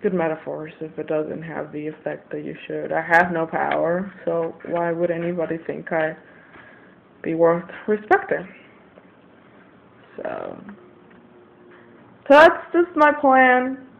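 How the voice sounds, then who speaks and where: A high-pitched young man in his late teens rambles and vents in a casual confessional vlog. The audio is tinny and narrow, like a cheap built-in mic, with a faint hiss underneath. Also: big pitch swings, slow, gravelly, pauses often. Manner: rambling, venting, frustrated. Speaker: vlogger.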